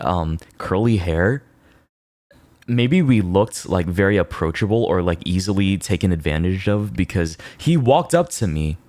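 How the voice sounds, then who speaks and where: A male streamer chats casually in a lowish voice, telling a story that wanders with fillers and "right?" tags. The sound is dry and close. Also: darkish tone, no room sound. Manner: rambling, lots of "like" and "right?".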